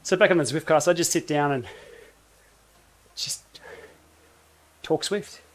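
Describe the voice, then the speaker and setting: A man's voice: a little high, unhurried. Chatty Australian man on a livestream. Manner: chatty, rambling, wry asides. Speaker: cycling YouTuber host. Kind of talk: casual livestream chat while riding.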